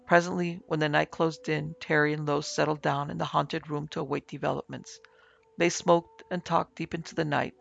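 A man narrating a ghost story in a steady storytelling manner, over a faint music bed. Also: a little high, normal speed, vocal fry, dull audio.

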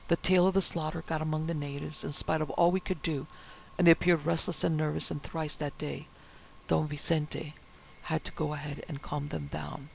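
Gravelly male audiobook narrator. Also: a little high, little pitch movement, a little hiss or hum, rough recording. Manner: dramatic, measured storytelling.

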